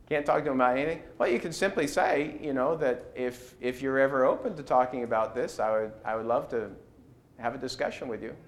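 A man's voice: medium pitch, fairly quick. A man teaching a Bible class who poses rhetorical questions and acts out quoted replies.

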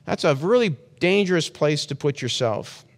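A man delivering a sermon in a talky, earnest manner, often backing up to restart a phrase. His voice sits slightly high for a man. The recording carries a long hall reverb behind him. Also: lively intonation, normal speed. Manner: conversational, earnest, frequent restarts. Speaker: preacher.

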